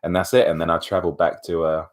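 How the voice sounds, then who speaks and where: A young man, chatting to camera as a vlogger, retelling events in a chatty, animated way full of asides. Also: deep voice, quick pace. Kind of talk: casual storytelling to camera.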